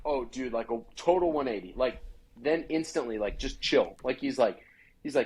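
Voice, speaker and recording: A man's voice: medium pitch, lively intonation, normal speed, a little mellow, breathy edge, rough recording. A man from Idaho, a podcast guest, telling a hunting story in a chatty way full of "like" fillers. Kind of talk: casual storytelling.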